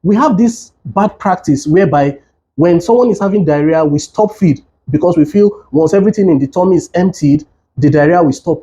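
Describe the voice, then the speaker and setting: In dull audio, a man with a high, mellow voice gives health education as a doctor. He earnestly instructs caregivers through a demonstration, repeating urgent warnings.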